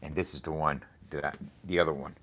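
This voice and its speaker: A man's voice: extremely low pitch, fairly even intonation, fast talker, noisy background. A man vlogging from a print shop, talking casually and profanely to his viewers in a rambling, repetitive way. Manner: profane, rambling, repeats himself. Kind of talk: casual motivational talk to camera.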